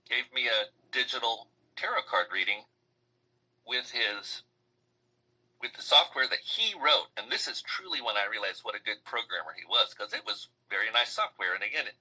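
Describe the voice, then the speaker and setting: A man's voice: medium pitch, sharp tone, low-quality recording. A man, an author guest on an interview show, telling stories in a rambling way with many fillers and restarts. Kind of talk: casual interview storytelling.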